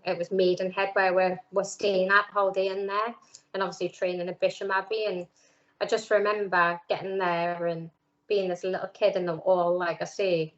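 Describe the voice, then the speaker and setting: A middle-aged woman with a broad Geordie accent tells her story in a relaxed interview, slipping into lively quoted voices and filling gaps with "um" and "like". The sound is a little dull and muffled. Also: lowish voice. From North East England. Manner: chatty, lively quoting of others, many "um"s and "like"s. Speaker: interviewee, former footballer.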